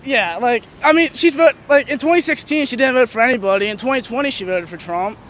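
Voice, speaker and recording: Young male passerby, very high-pitched, rambling and earnest, faint street noise. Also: fast, a bit bright. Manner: rambling, filler-heavy, many likes, earnest. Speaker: passerby being interviewed. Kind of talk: casual opinion chat. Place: outdoors on a city street.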